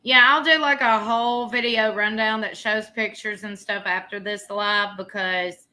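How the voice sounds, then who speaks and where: Woman in her thirties, sassy live streamer, very bright, pitched a bit high. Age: 30s. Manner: blunt, sassy, laughs often. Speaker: livestream host. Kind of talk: casual live commentary.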